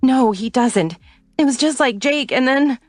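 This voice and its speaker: A woman's voice: mid-range voice, normal speed, darkish tone, no echo, soft background music, voice pushed up, natural voice. A woman voicing a heartbroken young woman who is crying, with a raised, shaky voice. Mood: tearful.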